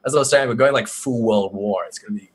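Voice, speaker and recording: Husky excited man talking lore. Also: fairly low pitch, fast talker. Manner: excited, swears casually, many fillers. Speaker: guest lore expert. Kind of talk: casual podcast chat.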